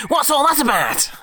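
A man voicing an angry bloke in a fast-food queue, loud, high and indignant. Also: exaggerated voice.

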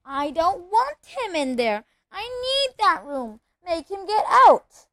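A woman voicing a spoiled, bawling boy in a storybook reading, shouting demands in a raised, shrill voice. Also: very animated, slow pace, no echo, full character voice. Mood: demanding.

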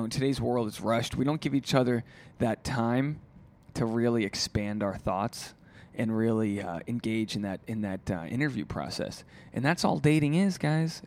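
A man who is a stand-up comedian, talking alone on his podcast in a rambling, profane, casual way. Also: medium pitch. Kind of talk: solo podcast monologue.

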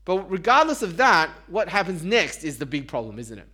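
High-voiced conversational male preacher. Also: very animated, moderate pace, sharp tone. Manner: conversational, asks the congregation rhetorical questions; self-deprecating humor. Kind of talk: sermon.

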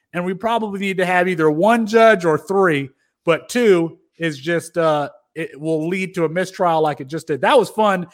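A man with a fairly high voice co-hosts a casual sports podcast. He is upbeat and argumentative, and slips into a mock-formal courtroom tone. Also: fairly bright tone. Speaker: podcast co-host.

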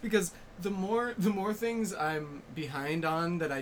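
A man's voice: sits high, lively intonation, unhurried, a little hiss or hum. A man hosting a casual podcast, laughing often and answering with short agreeing replies. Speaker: podcast host. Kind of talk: casual conversation.

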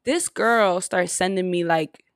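A woman co-hosting a podcast, telling a story in a casual, animated and profane way, with acted-out quotes. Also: lowish voice, a little slow, no echo, clean studio sound. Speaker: podcast co-host.

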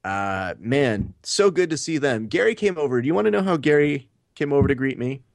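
A man co-hosting a podcast, telling animated stories and swearing casually. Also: medium pitch, a little fast, creaky, dry recording, studio quality. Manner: animated storyteller, acts out quotes, swears. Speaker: podcast co-host.

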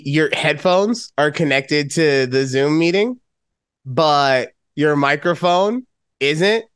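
A middle-aged man co-hosting a podcast in casual chat, loud and teasing, prone to sudden high-pitched outbursts. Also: dry recording. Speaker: podcast co-host.

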